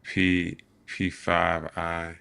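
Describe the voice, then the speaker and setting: A man's voice: sits low, completely flat delivery, drawn-out words, gravelly, bright, forceful tone, clean tone, dry recording. A man who is a guest on a live stream, giving brief, easygoing replies. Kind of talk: casual conversation.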